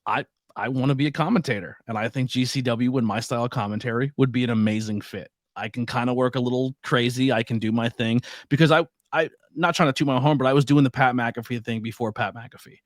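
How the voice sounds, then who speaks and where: Swearing, animated podcast host, dry sound. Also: male voice, mid-range voice, quick pace, few pauses, no echo. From Pennsylvania. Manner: animated storyteller, swears freely, laughs often. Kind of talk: casual interview chat.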